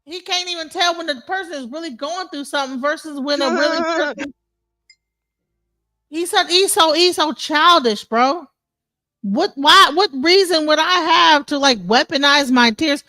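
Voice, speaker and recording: Brief: woman defending herself in a heated online debate, high voice, dry sound. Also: normal speed, sharp tone, dry recording. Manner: indignant, insulting, repetitive restarts. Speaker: panel participant. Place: online audio space.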